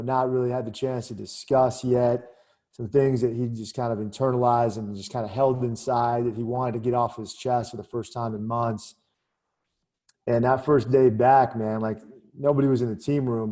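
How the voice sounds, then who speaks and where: A middle-aged man with a mid-range, dark-toned voice, a former Army captain, tells a candid story in a casual interview, sprinkling in plenty of "you know" and "man."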